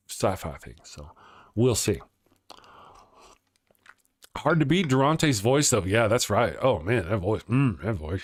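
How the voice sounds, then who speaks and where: A man at an ordinary middle pitch chats loosely on a livestream, reading out viewer comments and cracking jokes. He laughs often and trips over his own sentences, starting again as he goes. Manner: joking, laughs often, rambling with restarts. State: has a headache. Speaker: host of an atheist morning show.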